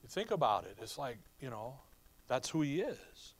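A man preaching a sermon with lively emphasis, often asking the congregation rhetorical "what?" questions. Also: medium pitch, moderate pace, dry recording. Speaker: pastor.

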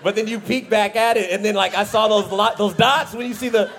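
A male comedian telling a funny personal story, animated and laughing at himself. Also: high voice, brisk. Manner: animated, laughing, self-mocking. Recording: music bed under the voice.

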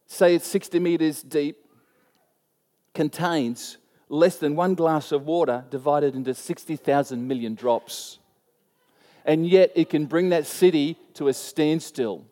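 A man preaching a sermon, telling a personal story in an animated way and laughing at himself. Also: on the high side, in a large hall.

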